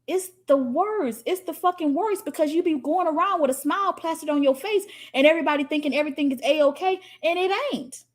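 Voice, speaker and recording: A woman's voice: high voice, fairly bright tone. A woman coaching spiritually on a livestream, answering comments in a fiery, profane, preachy way.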